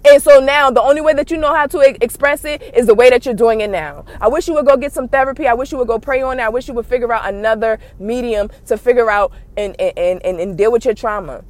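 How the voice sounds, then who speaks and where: A woman podcast host, ranting bluntly and profanely in animated commentary. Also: fairly high pitch, fast talker, few pauses.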